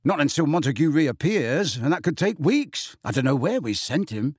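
A man's voice: on the high side, sing-song, moderate pace, breathy edge, dry recording. Cool teenage prankster boy, teasing, defiant, read by a man, dry close sound.

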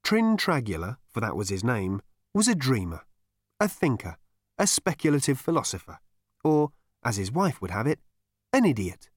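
A male audiobook narrator with a wry, theatrical delivery, his pitch rising and falling all over the place. The recording is close and completely dry, with no room sound at all. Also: big pitch swings, normal speed, no echo. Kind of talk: expressive storybook narration.

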